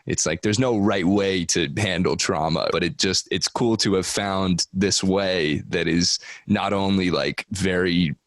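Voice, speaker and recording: A man's voice: sits low, measured pace, hardly any pauses, no echo, studio quality. A man hosting a podcast, asking curious questions in an easygoing, casual chat. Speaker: podcast host.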